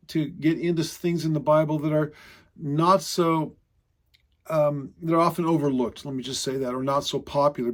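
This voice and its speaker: Man, online congregation teacher, casual Bible teaching, slightly high-pitched, rambling, self-correcting. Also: darkish tone. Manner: rambling, self-correcting, frequent filler sounds.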